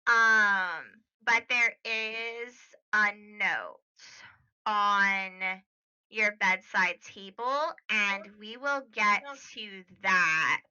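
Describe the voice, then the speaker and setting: Woman game master, narrates slowly with lots of fillers, crisp bright tone, lo-fi recording. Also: medium pitch. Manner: halting, full of fillers.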